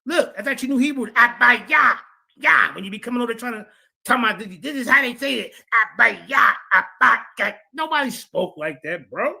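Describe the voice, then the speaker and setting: Combative bright-voiced male streamer. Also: extremely high pitch, expressive, a little fast, creaky, breathy edge. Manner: combative, repeats phrases while reading out sources. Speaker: streamer host. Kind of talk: livestream debate rebuttal.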